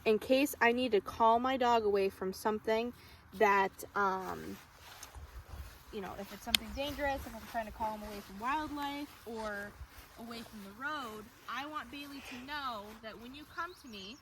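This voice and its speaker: A young woman dog trainer explaining a recall exercise during an outdoor training demonstration, calm between bright calls to the dog. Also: normal speed. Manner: explains calmly, then high excited calls to the dog. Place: outdoors on a walk. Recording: distant mic with outdoor noise.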